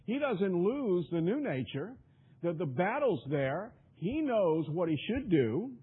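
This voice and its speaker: Brief: a high-voiced, husky male preacher delivering an emphatic, repetitive sermon over a tinny radio line. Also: very animated, takes it slowly. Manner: emphatic, repetitive, stumbling restarts.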